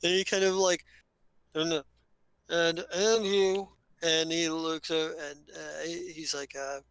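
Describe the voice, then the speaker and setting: A man narrating as game master in a tabletop game, talking haltingly with many restarts. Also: a little high, little pitch movement, vocal fry, a bit bright, clear, resonant tone, no room sound, rough recording.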